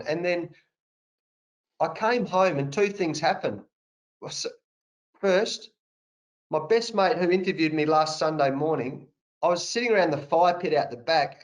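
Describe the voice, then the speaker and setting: A man's voice: a little high, rough recording. A middle-aged Australian man, an interview guest on a video call, telling a candid personal story in an earnest, emphatic way and repeating phrases for weight. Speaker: interview guest, cricket coach. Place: home study, indoors.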